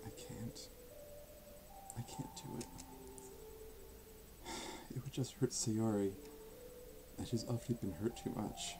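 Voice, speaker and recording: A man voicing a proud, sharp-tongued teen girl from a visual novel, earnest and sarcastic by turns, often dropping to a whisper. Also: fairly low pitch, slow pace, long pauses, noisy background. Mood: remorseful. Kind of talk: fan voice acting of a visual novel.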